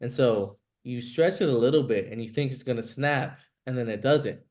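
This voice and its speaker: A man's voice: mid-range voice, normal speed, darkish tone. A man coaching a group over a video call, direct and blunt, with casual swearing and lots of "like" as filler. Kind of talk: motivational coaching talk.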